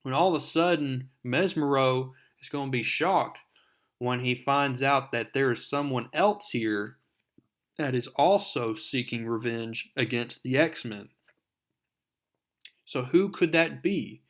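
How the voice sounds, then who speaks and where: A man's voice: mid-range voice, takes it slowly. A man narrating a comic book recap with enthusiasm, talking to his viewers as folks.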